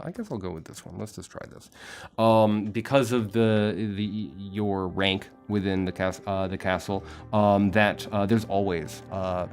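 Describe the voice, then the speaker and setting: Young male game master, slightly low voice, full of ums and restarts, faint music bed. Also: clean tone. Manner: halting, many fillers and restarts. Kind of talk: narrating a tabletop game.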